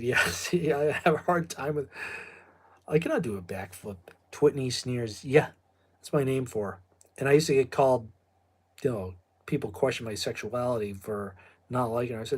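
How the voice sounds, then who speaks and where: A man's voice: mid-range voice, moderate pace, slightly rough. A middle-aged man with a New England accent, chatting casually and drifting off on tangents. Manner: rambling and digressive, with asides and laughs. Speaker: video host. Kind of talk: casual chat.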